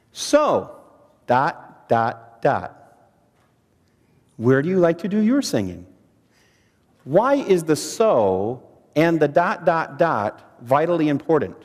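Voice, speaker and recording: A man presenting a training seminar, quizzing the audience and using dramatic pauses. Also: fairly high pitch. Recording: long hall reverb.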